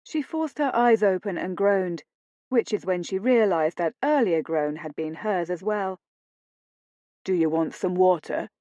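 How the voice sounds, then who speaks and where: Woman, audiobook narrator, slow deliberate reading, dry sound, slightly muffled lo-fi. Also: medium pitch, warm tone, dry recording.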